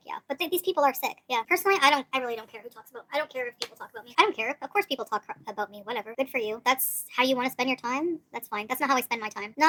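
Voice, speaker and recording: A woman's voice: high voice, sharp tone. A woman livestreaming in casual chat, talking defensively and dismissively, often trailing off.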